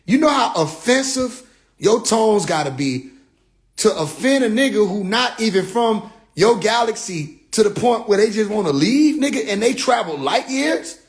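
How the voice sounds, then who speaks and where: A man with a notably high voice tells a story as a comedic rant. He is animated and profane, and his delivery is loose and full of slang. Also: normal speed. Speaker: vlogger.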